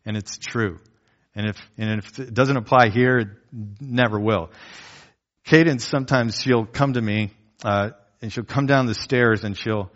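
A man's voice: mid-range voice, normal speed, a bit bright. A man preaching a sermon as a pastor, earnestly laying out his points and repeating key phrases. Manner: earnest, repetitive teaching with enumerated points. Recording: dull lo-fi recording.

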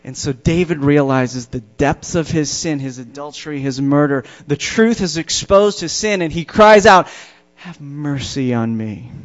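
A man in the pulpit delivering a sermon to his congregation, his voice sitting a little high for a man. He preaches emphatically, drawing out and stressing the words that matter. The recording sounds dull and lo-fi. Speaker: pastor. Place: church before a congregation.

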